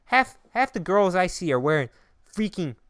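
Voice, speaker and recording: A man's voice: sits high, very animated, normal speed, fairly bright tone, clean tone, no room sound, studio quality. A young man from Minnesota, casually rambling through a story on a podcast and mocking himself as he goes. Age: young adult. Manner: rambling storyteller, self-mocking, trails off into filler syllables. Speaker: podcast co-host. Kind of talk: casual chat.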